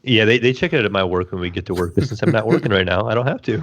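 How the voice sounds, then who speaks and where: A man from Ohio co-hosting a gaming podcast, deadpan with short joking replies. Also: on the low side, very fast. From Ohio, USA. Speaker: podcast co-host. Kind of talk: casual podcast chat. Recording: dull lo-fi mic.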